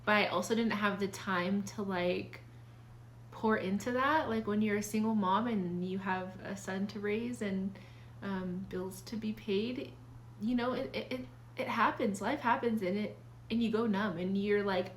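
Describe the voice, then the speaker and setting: A woman's voice: mid-range voice, steady tone, unhurried, a little hiss or hum. A young adult woman talking casually and earnestly about her own life, confiding, with many fillers and restarts. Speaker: vlogger sharing life advice. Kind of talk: casual personal talk.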